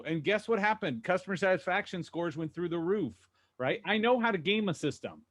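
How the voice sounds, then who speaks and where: A man on a video call panel, telling lively stories about running a car dealership and acting out the voices he quotes. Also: sits high, fairly quick. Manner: animated storyteller, acts out quoted voices. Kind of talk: casual panel discussion.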